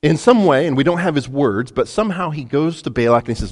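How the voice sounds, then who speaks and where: A man preaching a sermon, retelling a story with lively, dramatic delivery and frequent restarts. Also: fairly high pitch, quick pace, hardly any pauses, long reverb tail. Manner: storytelling, animated, acts out quotes. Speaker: pastor.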